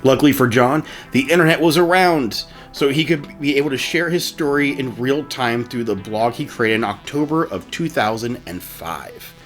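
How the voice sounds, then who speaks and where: A man's voice: medium pitch, normal speed, few pauses, soft background music. A man hosting a podcast, reading a story aloud in a casual way and stopping often to laugh. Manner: reads a story aloud, laughs often, tries put-on narrator voices. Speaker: podcast host.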